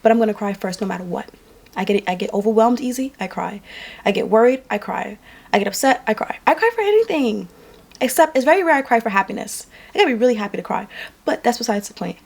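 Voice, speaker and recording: A woman's voice: a little high, lively intonation, fast, husky. Tired woman vlogger telling a story. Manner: emphatic, repeats lines for effect. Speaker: vlogger and makeup artist. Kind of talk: casual storytelling to camera.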